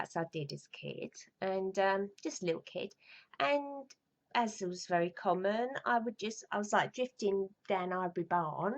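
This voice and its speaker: Brief: middle-aged woman, London accent, casual storyteller, swears and mimics people, gravelly. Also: on the low side, lo-fi sound. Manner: chatty, rambling, swears, acts out voices. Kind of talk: casual reminiscing monologue.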